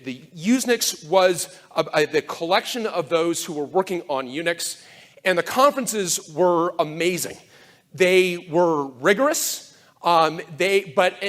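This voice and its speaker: Animated, sardonic man giving a conference talk. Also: sits high. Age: older. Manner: animated, sardonic, quick asides and mock quotes. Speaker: conference speaker. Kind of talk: live conference keynote. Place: conference room with an audience.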